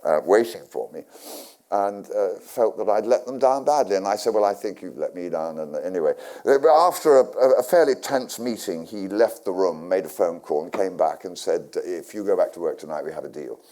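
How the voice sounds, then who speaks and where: A man's voice: deep voice, animated, brisk, warm tone. Older English man telling wry stories. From England. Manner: rambling anecdotes with frequent restarts and dry humour. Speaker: guest actor. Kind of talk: storytelling on stage. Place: community centre hall with live audience.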